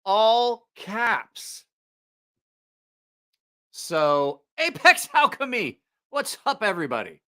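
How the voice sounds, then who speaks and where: A man's voice: high-pitched, huge pitch swings, slow, long pauses, bright, forceful tone. A man hosting a live stream, telling a rambling, profane story in a casual way and laughing at his own jokes.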